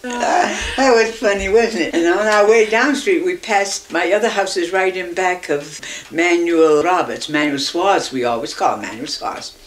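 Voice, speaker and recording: An older woman reminiscing in an interview, telling anecdotes in a lively way and acting out the voices of the people in them. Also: fairly low pitch, normal speed. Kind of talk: reminiscing storytelling.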